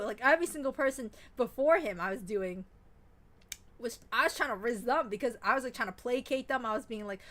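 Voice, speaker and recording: A fairly high-voiced woman streams a game and chats on and on in a loose, excitable way. She rambles, gushes and swears without a second thought. It sounds like an easygoing live gaming stream. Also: fast. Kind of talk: casual gaming stream chat.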